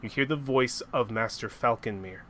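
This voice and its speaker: A man running a tabletop game as game master, narrating slowly and haltingly with frequent restarts. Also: mid-range voice, fairly bright tone.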